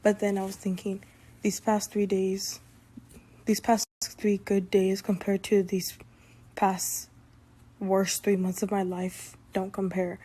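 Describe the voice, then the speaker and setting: A woman's voice: medium pitch, monotone, takes it slowly, mellow, breathy edge. Young woman, casual vlogger, rambling anecdote, lots of "like" fillers. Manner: rambling, heavy use of "like". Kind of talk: casual storytelling vlog.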